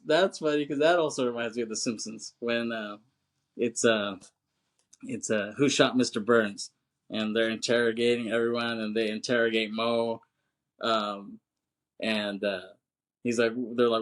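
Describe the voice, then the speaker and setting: Chatting loosely about a movie as a podcast co-host, this man curses and laughs frequently in relaxed slang. He has a medium-pitched, steady-toned voice and takes his time.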